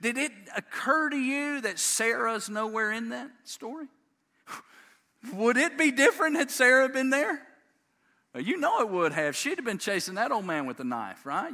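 A man's voice: very high voice, normal speed. A man, preaching a sermon through folksy family stories and acting out his sons' voices. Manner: folksy, animated, acts out voices of his sons. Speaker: pastor. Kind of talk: sermon storytelling.

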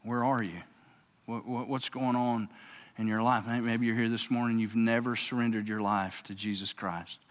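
A man's voice: medium pitch, steady tone, normal speed. A male pastor preaching a sermon, emphatic and given to repeating and restarting his words, in a church sanctuary. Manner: emphatic, repeats words, keeps saying "watch this". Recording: long reverb of a large sanctuary.

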